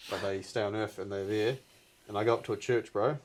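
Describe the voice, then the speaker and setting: Earnest podcast guest, low-pitched man, emotional storyteller, casual. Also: steady tone, a little fast, a little hiss or hum. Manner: earnest, emotional storytelling, says "bro" often.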